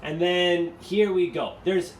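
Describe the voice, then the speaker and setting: A man's voice: sits high, fairly even intonation, slow pace. Man teaching in an echoey room. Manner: explains, repeats and rephrases points. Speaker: English teacher. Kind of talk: recorded class lecture. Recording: echoey room with faint noise.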